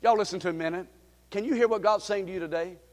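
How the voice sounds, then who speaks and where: A man preaching a fervent sermon as pastor, breaking into shouts and folksy asides. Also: high voice, fast. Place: church sanctuary. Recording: long hall reverb.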